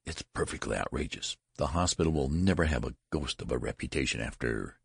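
A man's voice: very deep voice, brisk, vocal fry, slightly rough, dry recording, studio quality, exaggerated voice. A man voicing a severe female hospital nurse who speaks curtly and sternly. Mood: clipped. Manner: severe, curt.

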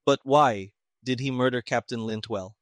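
A man's voice: medium pitch, normal speed, dry recording, lightly acted. A short-tempered army colonel grumbles and mutters, voiced by a male reader. The recording is dry and close-miked. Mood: gruff. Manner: gruff, muttering.

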